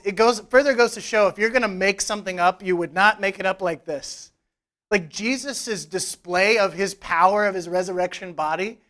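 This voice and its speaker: A pastor with a high-pitched, fairly bright voice preaches a conversational sermon during a church service. He retells scripture, sprinkling in casual, joking asides.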